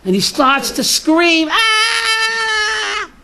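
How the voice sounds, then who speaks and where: Man, rabbi, high voice, bright tone, informal class, joking, keeps asking "right?". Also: expressive, measured pace. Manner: keeps asking "right?", jokes and tells stories to the audience; breaks into shouted punchlines. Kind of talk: informal Torah class with jokes.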